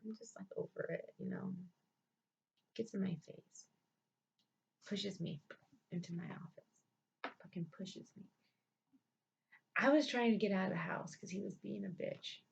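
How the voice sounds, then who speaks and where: A woman's voice: mid-range voice, a little slow, creaky, long pauses, a little hiss or hum. A woman recounting her own life story in a blunt, profane, emphatic way. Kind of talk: personal storytelling. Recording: dull lo-fi recording.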